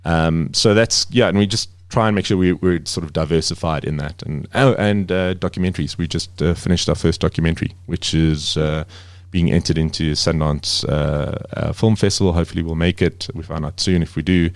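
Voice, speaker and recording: A man's voice: low voice, brisk, few pauses, no echo. A man who runs a media company, talking as a guest in a casual interview, rambling with many fillers and restarts.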